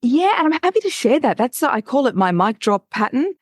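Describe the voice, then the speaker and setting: A woman, a voice coach, chatting as a podcast guest in an expressive, teacherly way. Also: sits high, a little fast, no room sound, studio quality. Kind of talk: casual podcast chat.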